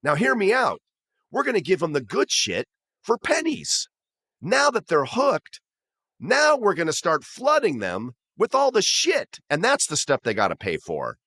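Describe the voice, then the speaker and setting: A man's voice: wildly swooping pitch, fairly quick, hardly any pauses, a bit bright, exaggerated voice. A man voicing a scheming male warehouse boss with a Brooklyn accent. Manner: pitched up and brash.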